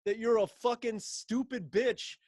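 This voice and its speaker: A man's voice: very high voice, measured pace, a little mellow. A man in casual chat, ranting and mocking with lots of swearing, laughing between phrases.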